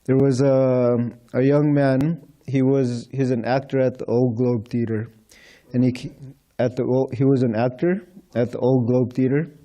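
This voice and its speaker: A man's voice: mid-range voice, steady tone, a little slow, mellow. A man speaking as a temple speaker, telling anecdotes to a congregation and retelling conversations with light chuckles. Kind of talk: storytelling talk to a congregation. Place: temple hall.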